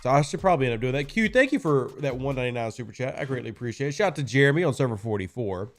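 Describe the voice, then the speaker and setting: A man hosting a casual game live stream, chatting with viewers and answering their questions in a sarcastic, talkative way. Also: fairly high pitch. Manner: sarcastic, chatty, talks to chat.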